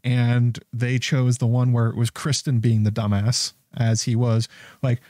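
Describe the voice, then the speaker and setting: A man's voice: mid-range voice, little pitch movement, measured pace, dark tone, no echo, studio quality. A man giving casual, rambling commentary on a TV episode, often chuckling in disbelief. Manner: incredulous, chuckling, rambling with restarts. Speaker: show recap host.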